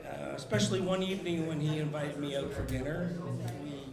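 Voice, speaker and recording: A man doing a live stand-up set, telling a long joke story with a deadpan delivery and pauses. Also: fairly high pitch, gravelly, music in the background. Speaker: stand-up comedian. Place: live comedy show before an audience. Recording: echoey room with live crowd.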